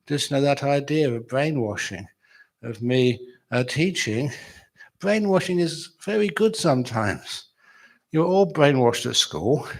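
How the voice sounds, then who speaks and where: A man's voice: medium pitch, animated, a little slow, gravelly. A man giving a chatty, humorous dharma talk at a retreat, telling stories and laughing with his audience. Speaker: meditation teacher.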